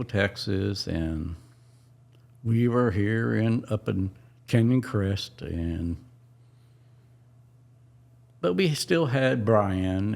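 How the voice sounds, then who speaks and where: A middle-aged man tells a personal story on a podcast in a halting, emotional way, often restarting his sentences. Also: on the low side, vocal fry, a little mellow.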